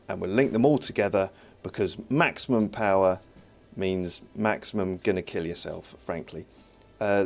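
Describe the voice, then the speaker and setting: A man with a fairly low voice talks casually through a live game-development stream. He thinks aloud as he works, answers viewers and pokes fun at himself. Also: creaky. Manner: chatty, self-mocking, thinks aloud while working. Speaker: indie game developer streaming his build.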